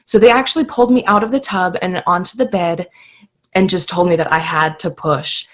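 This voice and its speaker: A woman's voice: fairly low pitch, fairly even intonation, fairly quick. A woman in her thirties, a podcast guest telling her own story in an earnest, heartfelt way with many fillers. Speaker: guest sharing birth story.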